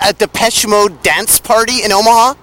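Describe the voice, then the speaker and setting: Male interviewer, high sharp voice, animated and playful, light traffic hum behind. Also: moderate pace. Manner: jokey, animated questioning.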